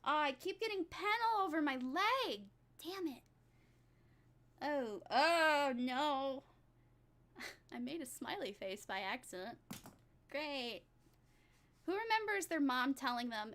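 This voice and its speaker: A woman's voice: sits high, sing-song, slow, long pauses, a bit bright. A young woman streaming as a vtuber, chatting casually with her viewers in a giggly, rambling, self-mocking way.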